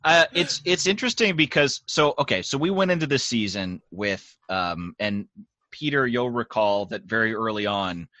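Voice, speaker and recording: A man's voice: lowish voice, animated, moderate pace, bright, forceful tone, no room sound. A man hosting a casual behind-the-scenes chat, rambling with restarts and quoted asides. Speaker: podcast host.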